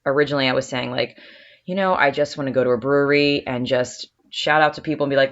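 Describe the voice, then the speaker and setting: A woman co-hosting a podcast, chatty and upbeat and quick to laugh. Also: rumbling low, fairly even intonation, highs cut off. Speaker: podcast co-host. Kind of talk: casual chat.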